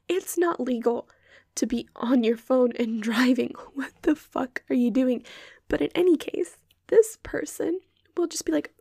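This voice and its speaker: A young adult woman hosts a podcast, delivering an exasperated, sarcastic rant with plenty of swearing. Her voice sits high and warm at a normal speed. The recording is clean studio sound with no room echo.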